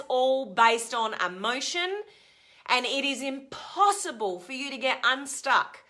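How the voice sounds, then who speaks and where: A woman giving a live motivational coaching talk to her viewers, energetic and emphatic, acting out the complaints she quotes. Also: high-pitched, unhurried. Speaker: life coach.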